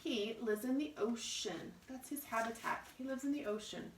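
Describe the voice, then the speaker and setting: A woman's voice: on the high side, moderate pace, a little hiss or hum. A woman teaching young children, in a sing-song voice, stretching out sounds and sometimes dropping to a whisper. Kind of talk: early-years lesson.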